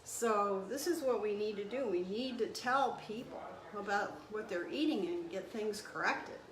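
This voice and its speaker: A woman's voice: medium pitch, normal speed. A woman in her sixties, a registered nurse, speaking earnestly and emotionally to camera, rising into indignant outbursts. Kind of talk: impassioned monologue to camera. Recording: echoey room with faint background hum.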